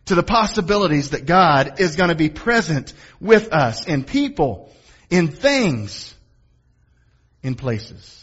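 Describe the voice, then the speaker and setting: A high-pitched male pastor preaching with lively, rising emphasis. He keeps asking the congregation to respond. The recording is a bit muffled and lo-fi. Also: slow, slightly rough. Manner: animated preaching with call-and-response asks of the congregation. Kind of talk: sermon.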